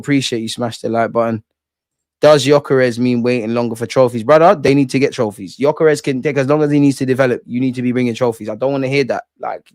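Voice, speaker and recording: A young man with a London accent, chatting casually on a live stream about football while reading out and reacting to viewer comments in slangy, animated talk. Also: medium pitch, no echo, clean studio sound.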